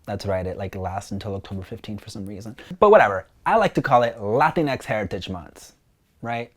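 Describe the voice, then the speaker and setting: A man's voice: fairly low pitch, lively intonation, a little fast. Chatty young man in a casual vlog. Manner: chatty, fills speech with "like"; informal and slangy. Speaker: video creator.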